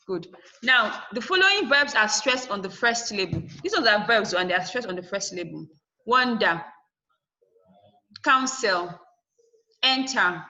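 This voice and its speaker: A woman's voice: medium pitch, sharp tone, low-quality recording. A woman teacher giving a classroom lesson, asking and answering her own questions and spelling words out letter by letter.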